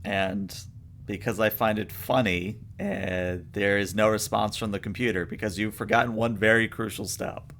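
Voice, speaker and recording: A man with a lowish voice runs a tabletop game, laying out dice rules and outcomes at an easy pace. A faint hiss sits under his voice. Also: normal speed. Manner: relaxed, explaining dice rules. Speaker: game master.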